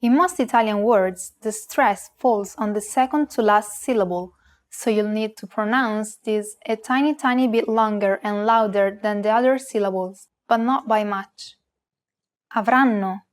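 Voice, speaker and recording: A woman co-hosting a language lesson, modeling words with slow, careful enunciation. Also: medium pitch. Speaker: co-host, native pronunciation model.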